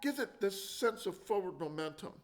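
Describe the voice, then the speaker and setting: A man's voice: high voice, animated, normal speed, over loud music. A man teaching a percussion lesson, explaining and counting out drum rhythms. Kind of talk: instructional demonstration. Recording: loud drumming and clicks behind.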